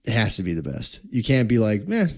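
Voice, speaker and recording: A young man co-hosting a podcast, telling a story in a rambling, profane, excitable way. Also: on the low side, fast talker, vocal fry. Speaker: podcast co-host. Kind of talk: casual podcast chat.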